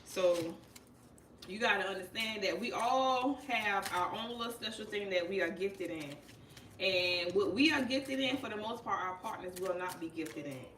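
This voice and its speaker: A woman's voice: medium pitch, normal speed. A woman hosting a live tarot stream in a casual, direct way, calling her viewers y'all. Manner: informal, addresses viewers as y'all, chatty and direct. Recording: echoey room, mic at a distance, clear background noise.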